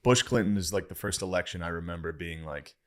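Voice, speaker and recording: Laid-back young man, low voice. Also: fast. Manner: laid-back, short reactions, laughs easily. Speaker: podcast host. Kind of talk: casual chat.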